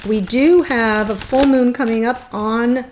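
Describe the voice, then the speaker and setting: A woman giving a gushing, excitable tarot reading, choked up and near tears. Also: on the high side, a little slow, a little hiss or hum. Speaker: tarot reader.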